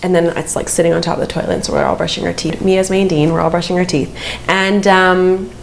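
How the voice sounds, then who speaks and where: Woman vlogger, thirties, casual storytime chat, animated, acts out quotes in a high voice. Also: quick pace, vocal fry, slight background noise. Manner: animated, chatty, acts out quotes with big pitch jumps.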